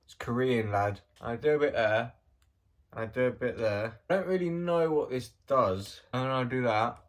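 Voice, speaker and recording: A man chatting casually to camera in a vlog. He rambles and jokes at an ordinary, mid-range pitch. His voice often sinks into quiet, mumbled asides. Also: normal speed. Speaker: vlogger.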